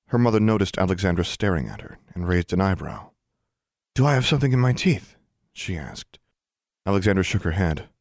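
A man narrating a novel as an audiobook in a measured storytelling manner, giving the characters their own voices. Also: low-pitched, a little mellow, no room sound, studio quality.

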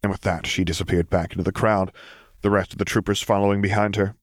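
A man narrating a story in a steady, gentle audiobook reading. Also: lowish voice, quick pace, no echo, clean studio sound.

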